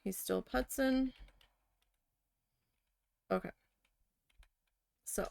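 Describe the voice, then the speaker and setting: Very slowly, in a high, slightly mellow voice with vocal fry, a crafting vlogger chats casually while needle felting. Her stories come out blunt and packed with swearing, and the recording is dry.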